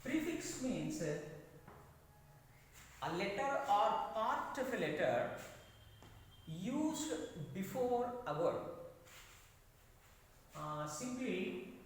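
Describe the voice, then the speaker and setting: Male teacher, slow and repetitive, lively high voice, distant mic in an echoey classroom. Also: a little hiss or hum. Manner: slow, repeats phrases, many hesitations. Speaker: English teacher. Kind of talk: classroom lecture.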